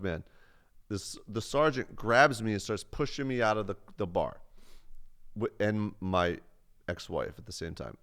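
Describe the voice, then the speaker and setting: A man's voice: low-pitched, fairly bright tone. A man on a livestream telling a rambling, profane, self-mocking story from his past.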